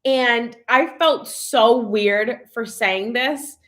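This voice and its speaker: A woman's voice: fairly high pitch, extremely slow, fairly bright tone. A young adult woman vlogging in casual live chat, emotional and full of "like" fillers as she reads viewer comments. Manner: chatty and emotional, many "like" fillers.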